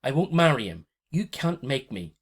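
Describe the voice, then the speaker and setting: A man's voice: medium pitch, big pitch swings, moderate pace, breathy edge, voice pushed up. A man reading a story aloud and voicing a teenage girl who pleads tearfully and defiantly, in a raised voice. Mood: desperate.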